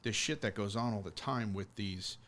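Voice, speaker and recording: A man's voice: lowish voice, moderate pace, fairly bright tone. A man co-hosting a film podcast, talking casually and animatedly, swearing freely and acting out quoted voices. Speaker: podcast co-host.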